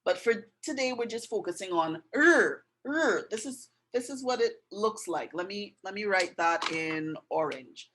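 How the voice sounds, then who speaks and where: A woman's voice: mid-range voice, normal speed, few pauses, a little hiss or hum, low-quality recording. A middle-aged woman giving a patient step-by-step art and writing lesson, often checking in with the viewer. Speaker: art and language tutor.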